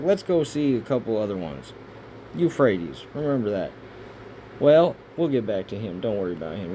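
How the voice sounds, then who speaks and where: A man rambling through pictures in casual commentary, swearing often and breaking into excitable outbursts between rambling asides. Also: medium pitch, slight background noise. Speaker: video creator. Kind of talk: casual conspiracy commentary over images.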